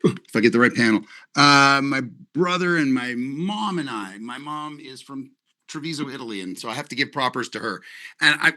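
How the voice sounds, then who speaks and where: A man from Canada leading his company's webinar, talking in a rambling, animated, joking way. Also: mid-range voice, moderate pace. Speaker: company leader. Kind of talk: live webinar presentation.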